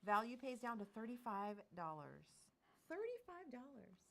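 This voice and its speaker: A woman hosting a live jewelry shopping show, enthusiastically pitching pieces and prices. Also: big pitch swings, moderate pace, fairly bright tone. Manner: bubbly, enthusiastic, gushes over pieces and prices.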